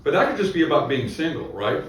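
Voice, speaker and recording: A man's voice: fairly high pitch, big pitch swings, fast. A man hosting a comedy workshop, encouraging as he talks through joke ideas and introduces acts. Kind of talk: casual feedback and emcee banter. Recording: echoey room, far from the mic, with faint noise.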